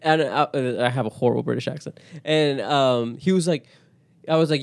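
A man's voice: medium pitch, normal speed, creaky. Laughing male podcast co-host telling stories. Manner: animated storyteller, slips into impressions, laughs often. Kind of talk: casual chat.

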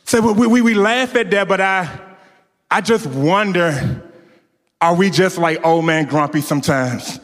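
A man preaching a sermon, telling a lively story to his congregation and calling out to them, with many stammering restarts. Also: high-pitched, unhurried. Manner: animated storytelling, calls out to the congregation. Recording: long reverb of a large hall.

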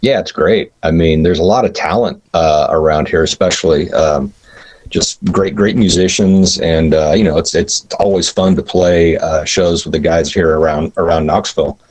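A man, a band member answering interview questions in a halting way full of uhs and repeated words. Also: deep voice, darkish tone, no echo, poor audio.

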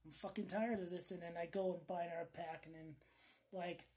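A woman with a raspy voice chatting casually, telling a rambling, profanity-laced story about quitting smoking and acting out what she said back then. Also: on the low side, fairly even intonation, a little fast, dark tone. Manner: profane, rambling storyteller acting out her own past outbursts. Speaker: ex-smoker sharing her story. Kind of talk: casual chat.

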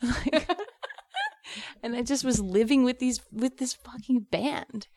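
A woman's voice: a little high, normal speed, warm tone, dry recording. Laid-back woman comedian, dry sound. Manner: loose, laid-back storytelling with swearing and "man". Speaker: comedian guest. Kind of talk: casual podcast chat.

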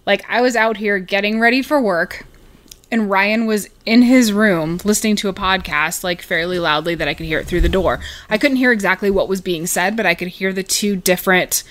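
A woman's voice: mid-range voice, brisk, a bit bright. A woman, co-hosting a podcast in casual, giggly chat. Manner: giggly, chatty. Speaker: podcast co-host.

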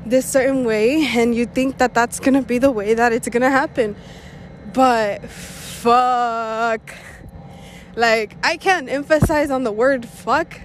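A woman's voice: fairly high pitch, a little hiss or hum. Young woman rambling candidly, a bit breathless. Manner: rambling, candid, swears freely. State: out of breath after a run. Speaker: podcast host. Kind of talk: casual personal monologue.

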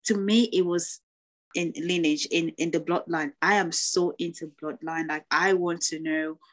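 A woman's voice: fairly low pitch, fairly even intonation, moderate pace. Earnest Congolese woman talking books. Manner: reflective, earnest, with many restarts. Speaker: guest. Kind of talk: casual podcast conversation about books.

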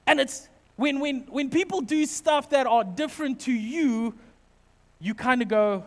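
A man's voice: very high voice, measured pace. A man, a pastor giving a sermon full of personal stories, acting out family voices with jokey asides. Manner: animated, acts out family quotes, jokey asides. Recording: long reverb from a large hall.

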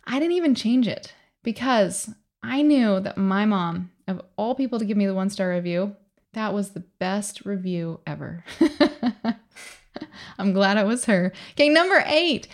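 Middle-aged woman, motivational podcast host; emphatic, upbeat coaching delivery, slightly high voice. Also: expressive, moderate pace.

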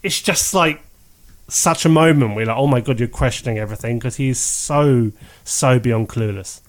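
A man chatting casually on a podcast, his voice sitting at an ordinary pitch. He talks with eager enthusiasm and laughs a lot. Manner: enthusiastic, laughs often, breaks into quick impressions.

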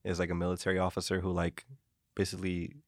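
A man's voice: low-pitched, monotone, quick pace, dry recording, studio quality. A man co-hosting a casual chat, telling a story in a rambling way full of "like".

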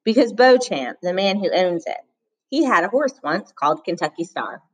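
A quiet, guarded young boy from a storybook who keeps his answers short, as a woman reads him. The voice stays low and close to the reader's own. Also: big pitch swings, moderate pace. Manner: terse, reluctant.

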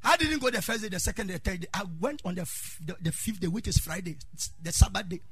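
A middle-aged Ghanaian man preaching a sermon as pastor, calling out to the congregation, shouting in a sing-song way and telling stories from his own life. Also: high voice, fast talker, breathy edge, no room sound.

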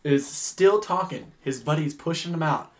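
A man's voice: fairly high pitch, normal speed. A man hosting a podcast, telling a story in casual chat, acting out quotes and swearing freely. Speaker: podcast host.

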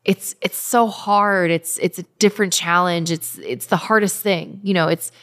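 A woman in her thirties, a guest telling stories in casual, animated chat, often restarting her sentences. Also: fairly low pitch, normal speed. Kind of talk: casual conversational storytelling.

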